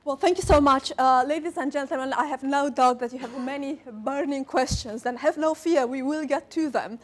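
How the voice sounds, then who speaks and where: A woman's voice: high voice, fast. A woman moderating a live panel discussion, asking long, formally structured questions.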